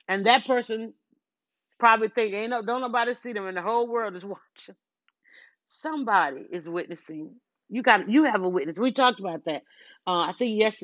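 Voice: mid-range voice, a bit bright, no echo. A middle-aged podcast host and longtime blogger in a casual, reflective monologue, rambling, restarting words and quoting their own thoughts aloud. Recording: dull lo-fi dry recording.

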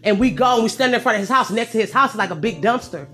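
A young adult woman casually telling a story to her viewers, with lively swings from loud outbursts to low asides. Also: fast, soft background music. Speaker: storyteller vlogger.

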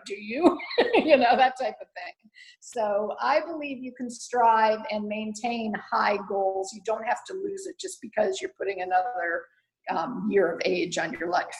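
A woman's voice: on the high side, lively intonation, measured pace, low-quality recording. A woman who runs her own training studio, answering interview questions in an earnest, encouraging way with frequent fillers. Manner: earnest, encouraging, talks through ideas with many fillers.

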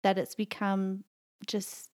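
Slow and completely flat in delivery, this Southern American woman has a medium-pitched, darkish voice. She co-hosts a podcast in a chatty, rambling way, laughing frequently during the casual conversation.

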